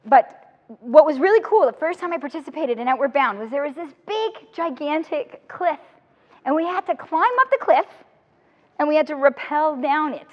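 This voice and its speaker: Woman speaker, high voice, humorous and animated; long hall reverb, dull audio. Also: normal speed. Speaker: motivational speaker. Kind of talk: lively talk to student teachers.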